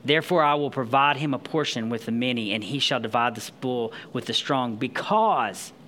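A man's voice: mid-range voice, fairly bright tone, a little hiss or hum. A man preaching, reading scripture aloud and then explaining it in a conversational, emphatic way. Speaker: pastor. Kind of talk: sermon.

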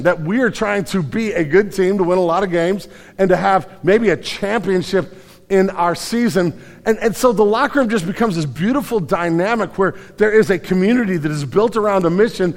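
A middle-aged man preaches a sermon in a folksy, storytelling way, often restarting his sentences. His voice sits fairly high for a man. A long reverb from a large church hall trails behind every phrase. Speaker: pastor.

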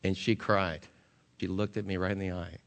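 A male pastor preaching a sermon and leading a closing prayer, earnest, rising to emphatic peaks and then dropping soft. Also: low-pitched, little pitch movement, moderate pace, creaky.

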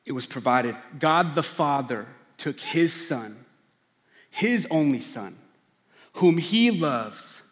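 A man's voice: lively intonation, slow pace. Man preaching in a reverberant hall. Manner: earnest preaching, dropping to hushed low emphasis. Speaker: pastor. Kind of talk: sermon.

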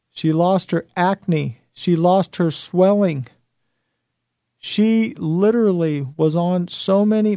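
A man's voice: high-pitched, dark tone, no room sound, studio quality. A man hosting a motivational talk show, speaking emphatically and repeating phrases for effect. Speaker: host.

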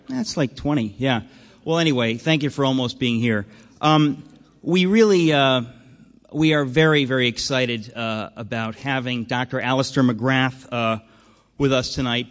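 Joking male host in a reverberant hall. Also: mid-range voice. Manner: joking, deadpan, rambling with fillers. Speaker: event host. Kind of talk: comic live introduction. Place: event hall with an audience.

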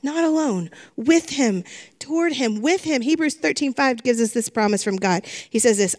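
Woman, middle-aged, pastor, sermon, earnest, repeats phrases, fairly high voice. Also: expressive, moderate pace, darkish tone.

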